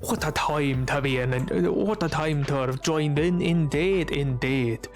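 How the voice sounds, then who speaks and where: A man streaming a game who chats quietly with his viewers, joking along in a playful put-on Scottish-Irish accent. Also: on the high side, measured pace, soft background music. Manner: talking quietly, resting his voice. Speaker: Minecraft streamer. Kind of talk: casual livestream chat while gaming.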